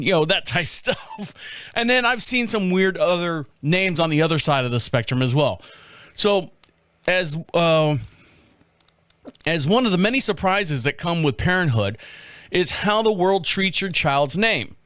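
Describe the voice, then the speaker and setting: A man with a high, bright voice that swings all over the place, hosting a casual podcast. He jokes crudely and laughs at his own lines. The sound is dry and close to the mic. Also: expressive, normal speed, clean tone, dry recording. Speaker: podcast host. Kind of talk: casual comedic commentary.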